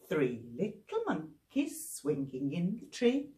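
A woman librarian leading action rhymes for small children, playful and sing-song, dropping to whispers and rising to high squeals. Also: sing-song, takes it slowly, echoey room. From England.

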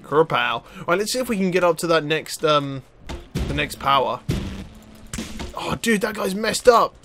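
A young man commentating his gameplay, excitable and swearing, breaking into sudden high yelps and laughter. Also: normal speed, over music. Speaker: let's play gamer.

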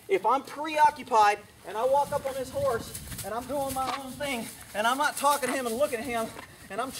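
A man's voice: extremely high pitch, fairly bright tone, slight background noise. A man working as a horse trainer, talking bluntly and sarcastically as he demonstrates outdoors with horses. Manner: brash, sarcastic, scolding. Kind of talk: blunt instructional vlog talk.

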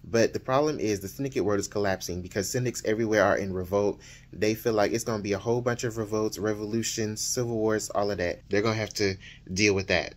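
A man giving a casual, lively recap of a novel he has read, acting out the characters' lines in his own voice. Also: lowish voice, fast. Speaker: book reviewer and author.

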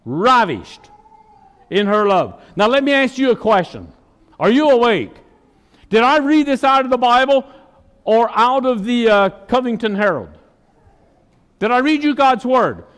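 High-voiced preaching man in a hall. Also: animated, normal speed, fairly bright tone. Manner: emphatic preaching, asks the congregation questions. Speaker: pastor. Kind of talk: sermon.

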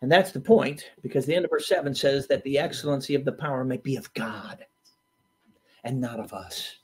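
A preacher delivering a sermon, emphatic and storytelling, swinging from loud bursts to hushed asides. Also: male voice, mid-range voice, a little fast, breathy edge.

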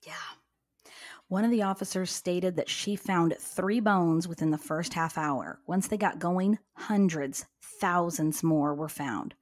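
A woman's voice: lowish voice, takes it slowly, darkish tone. A woman co-hosting a true crime podcast, blunt and sarcastic, swearing freely. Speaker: podcast co-host. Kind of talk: casual true crime chat.

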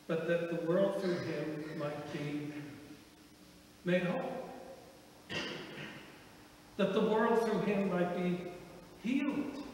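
Man, pastor, high voice, slow sermon delivery, echoey hall, distant mic. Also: a little hiss or hum. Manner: storytelling, acts out quoted voices. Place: church sanctuary. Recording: echoey church hall from far off.

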